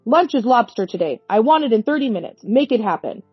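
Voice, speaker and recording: Woman voicing a domineering, scornful middle-aged husband; irritable sneer, somewhat husky, dry dull recording. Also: a little high, sing-song, fairly quick, no room sound, faint music behind.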